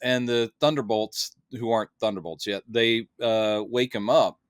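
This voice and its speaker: A man's voice: on the low side, steady tone, unhurried, clean tone, dry recording, studio quality. A man in a casual movie review chat, talking loosely and acting out characters' lines in playful voices. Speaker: film reviewer.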